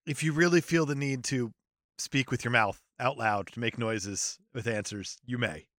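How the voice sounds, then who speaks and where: A man's voice: mid-range voice, normal speed, dry recording, studio quality. A man hosting a podcast, chatting casually and joking crudely. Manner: joking, profane, lively. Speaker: podcast host. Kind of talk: casual chat.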